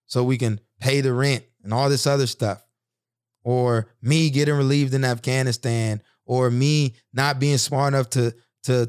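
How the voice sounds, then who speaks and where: A man's voice: medium pitch, clean tone, no echo, clean studio sound. A man in his thirties hosting a podcast, telling personal stories in an earnest, reflective monologue with frequent restarts. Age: 30s. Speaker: podcast host.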